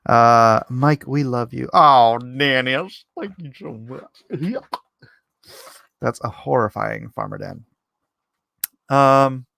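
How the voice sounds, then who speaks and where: A man's voice: medium pitch, gravelly, fairly bright tone, no echo, studio quality. A man hosting a casual livestream, reading viewer comments aloud and chatting back in a rambling, self-deprecating way. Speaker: livestream host.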